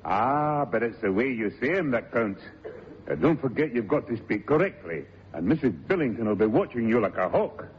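A man's voice: medium pitch, big pitch swings, brisk, husky. A man playing a coaxing, amused grown-up who scolds a cheeky boy in a 1950s-style radio comedy, on a dull old radio recording with a faint studio audience.

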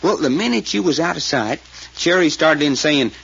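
An actor playing a folksy rural eyewitness, speaking in a drawl with rustic grammar in 1940s radio style. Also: male voice, fairly high pitch, expressive, normal speed, vocal fry, a bit bright, slightly rough, full character voice. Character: folksy rural man, eyewitness called Doc. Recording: muffled old radio recording with faint hiss.

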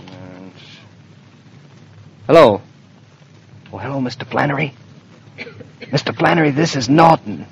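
An actor playing a joking young husband who hides a surprise, in a 1940s radio acting style with punning, playful lines and hushed asides. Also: male voice, fairly high pitch, gravelly, a little hiss or hum, heavily acted. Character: teasing young husband planning a secret surprise. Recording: dull lo-fi vintage radio transcription.

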